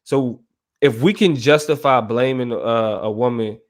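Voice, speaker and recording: A man's voice: mid-range voice, moderate pace. A man co-hosting a casual podcast discussion, talking emphatically and checking in with his listener. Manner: emphatic, keeps asking "you feel me". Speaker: podcast co-host.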